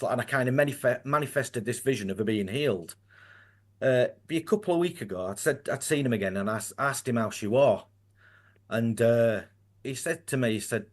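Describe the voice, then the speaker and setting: A man with a broad Yorkshire accent, speaking as a guest in an easygoing chat. He sounds earnest and tends to ramble, circling back and restarting his sentences as he goes. His voice sits at a middling pitch. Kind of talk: casual conversation.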